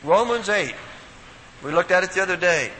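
Animated, bright-voiced male preacher. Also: high-pitched, moderate pace. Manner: animated, storytelling, emphatic. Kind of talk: sermon. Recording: echoey hall, faint room noise.

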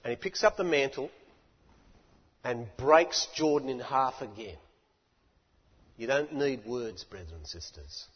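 A man preaching a sermon in an animated, emphatic way, building up to shouts. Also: mid-range voice, takes it slowly, pauses often, slightly rough. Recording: echoey hall, dull lo-fi.

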